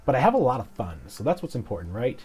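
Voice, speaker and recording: A man's voice: medium pitch, very animated, fast, a little mellow, breathy edge, faint music behind. A man casually commenting while he plays a building game, mumbling, swearing and cracking jokes about himself, into a clip-on mic. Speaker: game streamer.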